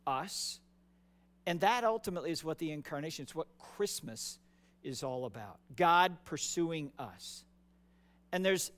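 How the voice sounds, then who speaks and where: A man's voice: on the high side, fairly bright tone. A man preaching a sermon as pastor, conversational and emphatic, often repeating words for stress.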